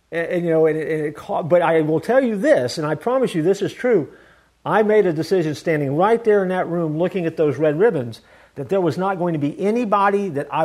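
A man's voice: a little high, darkish tone. A man preaching a sermon in an earnest, conversational way, telling a personal story with many restarts. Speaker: pastor.

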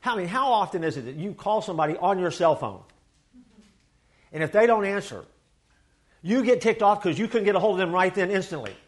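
A man preaching a sermon in a folksy, animated way, with quick asides to his congregation. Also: high-pitched. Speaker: pastor.

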